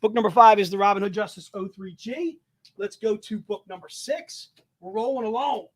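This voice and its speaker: A man running a live sales stream in a high, bright-sounding register, cracking jokes and pushing each item with hyped, rapid-fire patter. The sound is dry and close, with no room echo. He talks casually and keeps the energy up. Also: breathy edge.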